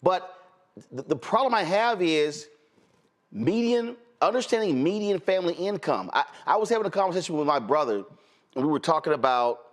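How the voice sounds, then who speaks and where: Animated emphatic male talk show host. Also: a little high, normal speed. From Houston, Texas. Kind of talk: opinionated talk show discussion.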